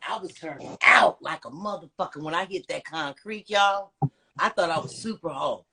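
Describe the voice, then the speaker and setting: A woman on a podcast, telling stories in a brash, profane, animated way as a guest. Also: lowish voice, moderate pace, breathy edge. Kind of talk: casual storytelling chat.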